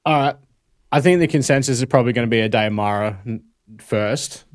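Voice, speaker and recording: A man's voice: medium pitch, brisk, no room sound, clean studio sound. A man with an Australian accent co-hosting a casual podcast, blunt with casual swearing. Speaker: podcast co-host. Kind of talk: casual roundtable chat.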